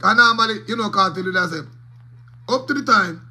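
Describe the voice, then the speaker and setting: A man's voice: sits high, expressive, fairly quick, sharp tone, low-quality recording. A man with a Jamaican accent, a DJ giving rambling commentary to his viewers in patois peppered with curses. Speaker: DJ and vlogger. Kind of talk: casual commentary to camera.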